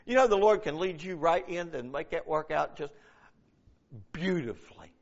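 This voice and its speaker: A man's voice: on the high side, expressive, normal speed, gravelly. A man preaching a fervent sermon, reading scripture aloud and pleading in prayer. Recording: dull lo-fi recording.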